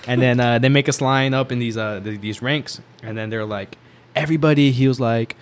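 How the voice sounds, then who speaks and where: A man's voice: medium pitch, steady tone, a little fast, slight background noise. Man telling a rambling story. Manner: rambling, filler-heavy, laughs while telling. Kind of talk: casual storytelling.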